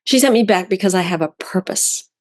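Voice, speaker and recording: A woman from Canada, an author telling a heartfelt personal story, slowing down on key words. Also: mid-range voice, darkish tone. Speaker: author guest.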